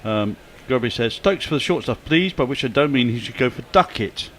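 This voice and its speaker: A man's voice: medium pitch, lively intonation, fairly quick, a bit bright, slight background noise. A man reading social posts on a cricket show with wry, dry humour. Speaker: cricket commentator. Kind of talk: casual chat reading socials.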